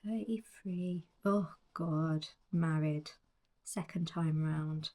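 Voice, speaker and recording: A woman in her forties giving soft, reflective narration that often drifts into whispers. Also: low voice, steady tone, very slow. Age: 40s. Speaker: colouring book author.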